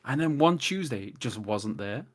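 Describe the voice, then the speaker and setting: Rambling, animated male podcast guest. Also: mid-range voice, moderate pace. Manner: rambling, animated storyteller who acts out quotes. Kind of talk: casual podcast chat.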